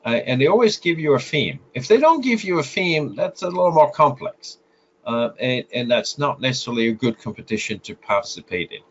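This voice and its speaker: A man with a French accent, interviewed as a guest photographer, explains his advice with many filler sounds and restarts. His medium-pitched voice swings widely in pitch and moves a little fast. There's a little hiss or hum on the slightly muffled lo-fi audio.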